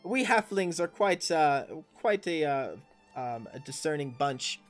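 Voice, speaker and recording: A man voicing a friendly female halfling shopkeeper with a high, giggly voice in a tabletop game. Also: animated, unhurried, soft background music. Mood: cheerful.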